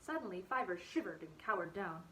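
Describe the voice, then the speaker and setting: A woman teacher reading a novel aloud to her class in an expressive storytelling manner. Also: fairly low pitch, a little fast, slight background noise, low-quality recording.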